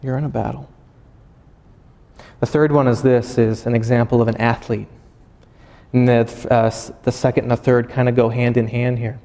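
A man, a pastor, preaching a sermon as animated storytelling and acting out voices. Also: mid-range voice, normal speed, gravelly, long pauses, in a large hall.

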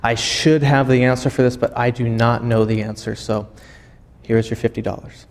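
A man preaching a sermon. He tells a long story, halting and often repeating words as he goes. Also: medium pitch, flat delivery. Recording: long hall reverb.

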